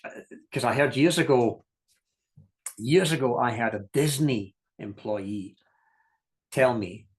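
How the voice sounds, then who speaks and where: A man leads a business masterclass in a mid-pitched voice, neither high nor low. He tells anecdotes with energy, slips into other people's voices for quotes, laughs along the way, and hammers his key points home plainly. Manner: lively storytelling, acts out quoted voices, laughs often; direct, repeats key points for emphasis. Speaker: business coach. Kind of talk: masterclass teaching talk.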